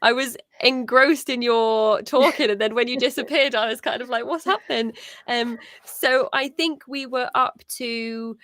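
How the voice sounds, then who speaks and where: A woman's voice: fairly high pitch, fairly even intonation, unhurried, few pauses, a bit bright, dry recording. Chatty British woman hosting a stream. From Britain. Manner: chatty, many fillers and restarts. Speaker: stream host. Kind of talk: casual live-stream chat.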